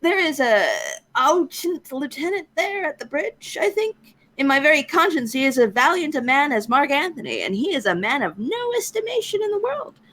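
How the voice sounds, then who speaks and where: A woman's voice: high voice, very animated, normal speed, a bit bright, voice pushed up. A woman reading a long-winded, earnest army captain in a casual live-streamed Shakespeare reading, lecturing in a wordy, fussy way.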